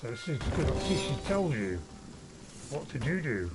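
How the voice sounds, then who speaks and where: A man in his seventies giving casual, rambling commentary as he plays a game, chatty and quick to joke at his own expense. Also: mid-range voice, very animated, soft background music, poor audio. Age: 70s. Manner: rambling, chatty, joking and self-mocking. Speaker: gaming channel host.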